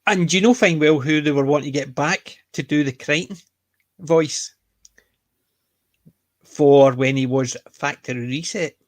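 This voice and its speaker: Chatty Scottish man, fairly high voice. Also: measured pace, long pauses, no room sound. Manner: chatty, animated retellings of scenes. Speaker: podcast co-host. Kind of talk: casual chat.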